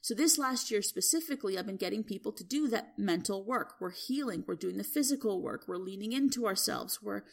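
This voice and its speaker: Woman coach hosting a solo podcast, fairly high voice, chatty and conversational, peppers her talk with "you know". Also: gravelly. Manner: chatty storytelling, frequent "you know" and "right?". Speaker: spiritual development coach, podcast host. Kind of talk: casual solo podcast monologue.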